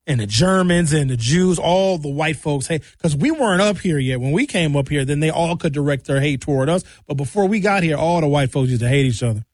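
A man's voice: fairly high pitch, expressive, fairly quick, hardly any pauses, darkish tone, dry recording, clean studio sound. A man delivering a ranting monologue as a commentator, emphatic, sarcastic and preachy.

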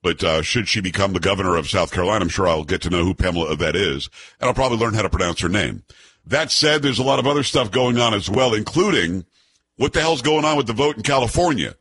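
Husky-voiced blunt political commentator man. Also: fairly low pitch, expressive, quick pace, fairly bright tone. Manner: blunt, sarcastic asides, reads news aloud. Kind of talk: opinionated solo political commentary.

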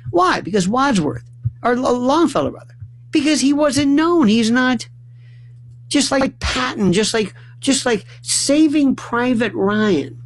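A man hosting a late-night call-in radio show, delivering a rambling monologue that keeps breaking off and restarting, with sudden loud outbursts. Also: high-pitched, vocal fry, dry recording. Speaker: radio talk show host.

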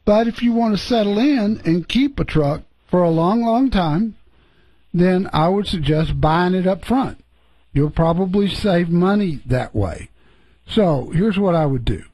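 A man's voice: sits high, animated, a little slow, warm tone, no room sound, low-quality recording. A middle-aged man hosting a call-in radio show about cars, chatty and easygoing as he gives advice. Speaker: radio car show host.

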